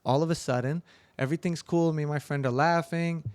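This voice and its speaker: A man's voice: on the high side, steady tone, brisk, darkish tone, clean tone, no room sound. A young man casually telling a long, rambling story as a podcast host. He swears often and acts out the lines he quotes.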